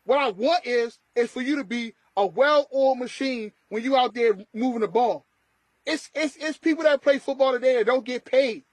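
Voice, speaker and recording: A man's voice: very high-pitched, normal speed, no room sound. A man co-hosting a sports podcast, ranting emphatically in casual talk. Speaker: podcast co-host.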